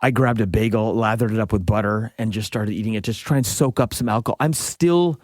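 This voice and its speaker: A man in his forties, co-hosting a podcast and telling a long anecdote in a relaxed, chatty way, acting out the dialogue as he goes. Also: on the low side, fast, no room sound, clean studio sound. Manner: lively storyteller acting out quoted dialogue. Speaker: podcast co-host. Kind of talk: casual anecdotal storytelling.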